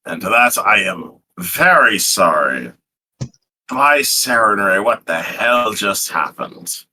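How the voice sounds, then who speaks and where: A man voicing a rough, blustering fat man who talks in a coarse dialect and says "yous". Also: lowish voice, sing-song, takes it slowly, sharp tone, recorded from a distance, heavily acted. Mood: apologetic, baffled.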